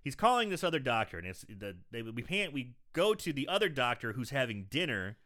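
A man's voice: medium pitch, sing-song, bright, forceful tone. A man casually recapping a movie scene by scene on a podcast, rambling, swearing and laughing easily. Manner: rambling, profane, quick to laugh. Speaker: podcast host.

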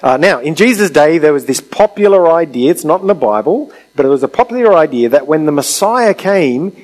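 Male preacher, fairly high voice, animated intonation, conversational sermon, rhetorical questions. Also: low-quality recording. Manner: conversational, explains with rhetorical questions and acted-out quotes.

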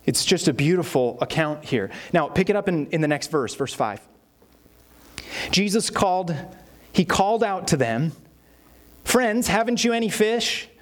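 A male pastor preaches a sermon in a voice a little higher than most men's, speaking at normal speed. He's animated, telling stories and acting out the quotes along the way.

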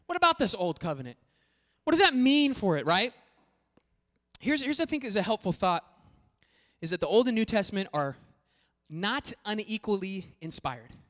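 Animated preacher in an echoey hall. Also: medium pitch. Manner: animated, swings from quiet to loud emphatic passages. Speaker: pastor. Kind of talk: sermon. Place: church hall before a congregation. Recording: long echoey hall reverb.

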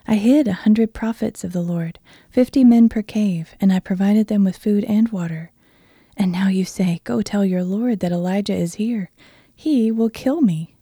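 A woman voicing a frightened male royal servant as she reads a Bible passage in an earnest, steady voice. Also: medium pitch, moderate pace, slightly rough, no echo, studio quality. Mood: fearful. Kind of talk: Bible reading.

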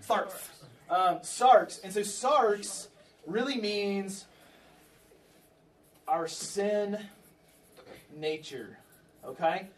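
A man's voice: sits high, very slow, long pauses, a bit bright. Conversational man preaching a sermon. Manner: conversational, repeats key phrases, asks the congregation questions. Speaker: pastor. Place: church.

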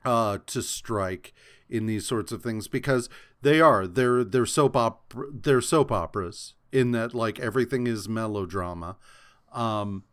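A man's voice: lowish voice, a little slow. A man co-hosting a podcast, chatting casually about comics in a laid-back, rambling way. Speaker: podcast co-host.

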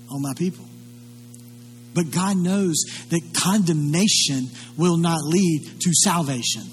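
A male pastor preaching a sermon in an earnest, conversational way. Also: a little high. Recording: long hall reverb, faint hum.

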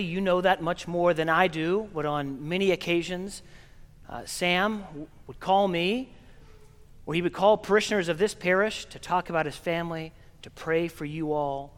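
Man, priest, high voice, earnest funeral sermon, long church reverb. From Oklahoma. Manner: earnest, gently paced preaching with pauses. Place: large church.

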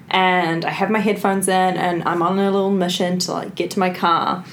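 A woman's voice: fairly low pitch, slight background noise. Emphatic woman telling a story, swearing freely. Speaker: co-host. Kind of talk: casual storytelling.

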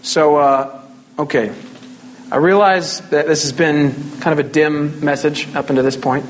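High-voiced man preaching casually. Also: steady tone, unhurried, a little hiss or hum. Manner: casual, conversational preaching with jokes. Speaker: pastor. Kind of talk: sermon.

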